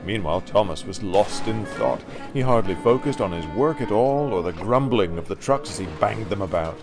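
Low-voiced man reading a storybook. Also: normal speed, gravelly, over music. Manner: expressive storytelling. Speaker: narrator. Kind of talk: storybook narration.

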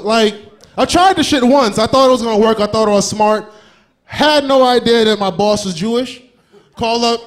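A man performing a stand-up comedy set on a club stage, crude and animated, slipping into quick character voices. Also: sits high.

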